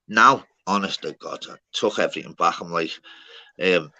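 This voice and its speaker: A man, chatting casually with a friend as host of a livestream, slangy and loud. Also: sits low, moderate pace.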